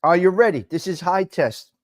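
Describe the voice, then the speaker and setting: A man's voice: sits high, lively intonation, normal speed. A man hosting a casual live-stream talk show, chatting loosely, rambling in asides and greeting viewers by name. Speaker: livestream talk show host.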